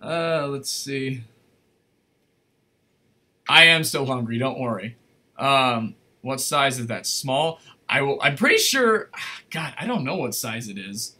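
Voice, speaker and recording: A man hosting a casual livestream from his desk, rambling and correcting himself as he chats, his voice going slightly hoarse. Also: mid-range voice, big pitch swings, slow, long pauses, pushed and bright. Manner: rambling, chatty, self-correcting. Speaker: livestream host. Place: at a desk in a room.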